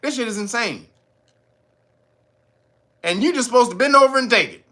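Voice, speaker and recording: A male host giving casual, animated commentary, swearing freely and often breaking into laughter. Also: very high-pitched, normal speed.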